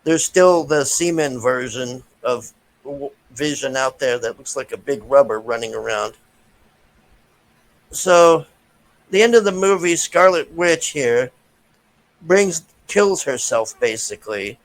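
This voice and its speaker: A man's voice: medium pitch, expressive, slow, poor audio. A man giving a casual, profane, frustrated rant as a movie reviewer, with many restarts.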